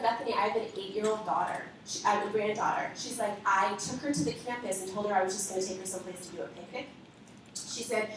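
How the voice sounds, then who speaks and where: A woman with a fairly high voice tells an animated testimony, excitable and quick to laugh as she acts out the people she quotes. She sounds distant from the mic in a very echoey room with a faint hiss behind her. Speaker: speaker telling a testimony.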